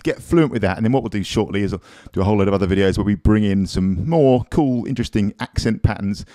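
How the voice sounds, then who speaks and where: A man's voice: lowish voice, fast talker, few pauses, dark tone, no room sound, clean studio sound. A man teaching a drum lesson in a casual, encouraging, chatty way, counting beats aloud as he plays.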